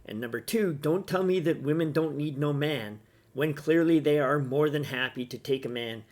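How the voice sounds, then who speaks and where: A man's voice: on the high side, moderate pace. A man delivering a sarcastic, indignant opinion rant as a vlog commentator.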